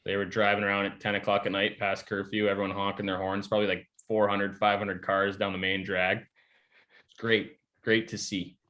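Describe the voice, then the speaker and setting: Low-voiced young man, laid-back guest. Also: moderate pace. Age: young adult. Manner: relaxed, rambling, many fillers and trailing restarts. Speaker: podcast guest, pro hockey player. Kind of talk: casual chat.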